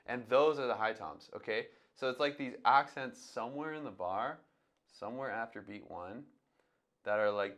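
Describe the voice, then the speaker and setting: A man's voice: mid-range voice, moderate pace, fairly bright tone. Man teaching jazz drum transcription. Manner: talks through his thinking, sings drum sounds aloud. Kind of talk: casual instructional talk.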